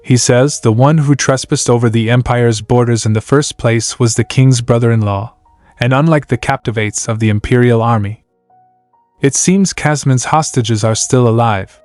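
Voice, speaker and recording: A man's voice: medium pitch, moderate pace, a little mellow, no room sound. A man narrating a comic story and reading every character's lines himself, sound words included, in a dry close recording with faint music behind.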